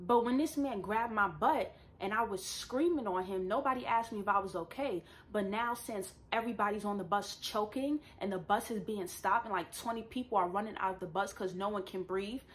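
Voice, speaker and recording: Emphatic young woman telling a story. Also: mid-range voice. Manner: emphatic, animated storytelling, often addressing viewers directly. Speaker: vlogger telling a personal story. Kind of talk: casual storytime to camera. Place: at home with a dog nearby.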